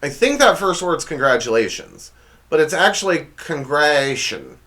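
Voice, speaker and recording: Sarcastic man, lively pitch. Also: moderate pace. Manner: sarcastic, exasperated, stumbling over words. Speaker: comedy show host. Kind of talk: comedic monologue.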